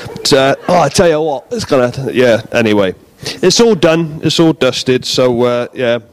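A man giving a relaxed, jokey sermon in a church, bantering with the congregation. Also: medium pitch, unhurried, dry recording. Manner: chatty, jokey, self-deprecating. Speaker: preacher.

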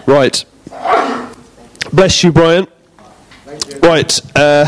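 A man giving a relaxed, jokey sermon in a church, bantering with the congregation. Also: on the high side. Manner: chatty, jokey, self-deprecating. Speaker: preacher.

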